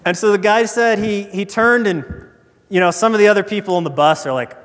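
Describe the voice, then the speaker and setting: A man preaching a sermon as pastor, telling stories in a relaxed, conversational way. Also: high-pitched, brisk. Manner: conversational storytelling. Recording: echoey hall reverb.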